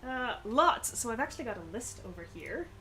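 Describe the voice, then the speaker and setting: A woman's voice: on the high side, sing-song, a little fast, sharp tone, a little hiss or hum. A woman hosting a game live stream, chatting casually while she plays and explains rewards.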